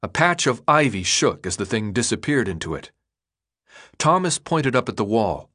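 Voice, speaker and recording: Male audiobook narrator, steady and even. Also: medium pitch, moderate pace. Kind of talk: scripted narration.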